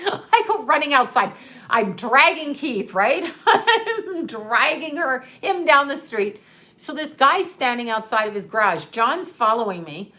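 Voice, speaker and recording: A woman's voice: high voice, very animated, unhurried, pushed and bright. A middle-aged woman telling a personal story in a casual, profane way, laughing often as she retells it.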